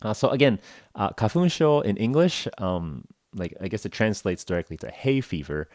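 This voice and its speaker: A man's voice: on the low side, normal speed, no room sound, clean studio sound. A man hosting a podcast, telling a story casually and acting out the dialogue with laughs. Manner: animated, acts out dialogue with laughs. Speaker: podcast host. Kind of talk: casual storytelling for English learners.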